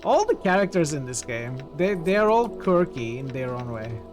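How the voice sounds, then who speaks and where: A man's voice: fairly high pitch, sing-song, moderate pace, faint music behind. A man streaming a role-playing game, reading its text aloud and chatting casually with his viewers.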